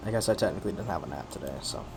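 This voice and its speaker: A man's voice: deep voice, lively intonation, rapid-fire, noisy background. A man streaming and talking to himself in a casual, rambling way, tired and yawning, often restarting his sentences. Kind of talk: casual solo stream commentary.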